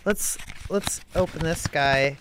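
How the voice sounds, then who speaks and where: A woman's voice: deep voice, slow, noisy background. A woman hosting a casual radio conversation, playful and joking with her guest. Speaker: radio host.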